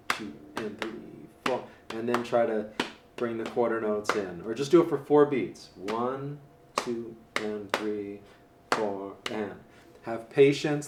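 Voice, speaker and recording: A man teaching jazz piano in a relaxed, casual way, counting beats aloud and scatting rhythms. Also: medium pitch. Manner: easygoing, counts beats aloud and scat-sings syllables. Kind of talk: casual spoken instruction. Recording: roomy, distant mic, faint hiss.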